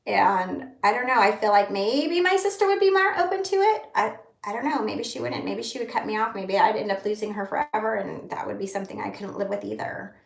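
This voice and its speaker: A woman in her thirties talks candidly to viewers on a livestream, rambling from one thought to the next and stopping to read comments. Her voice has a gravelly, fry-laden edge and sits at a middling pitch. The room around her is echoey. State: holding back tears. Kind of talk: casual livestream chat.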